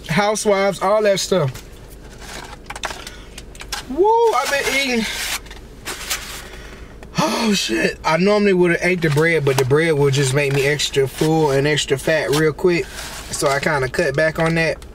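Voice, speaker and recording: A man with a notably high-pitched voice, talking loosely and excitedly through a meal and a rant. He calls out and exclaims between bites in a chatty vlog manner. Faint noise hums underneath. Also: slow pace, pauses often. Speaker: celebrity blogger and vlogger. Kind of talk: casual rant while eating on camera.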